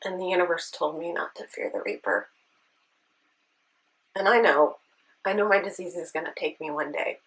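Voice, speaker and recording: A woman with a lowish voice tells a personal story to her camera in an earnest, searching way. She often checks in with the listener, and her voice stays close to tears. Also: moderate pace, pauses often, fairly bright tone, poor audio. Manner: earnest, tearful at times, with rhetorical "right?". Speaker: beauty vlogger.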